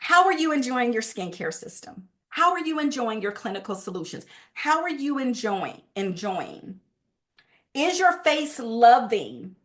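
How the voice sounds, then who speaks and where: A woman giving a lively, emphatic sales training talk, with speech and a quick habitual pace. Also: on the high side.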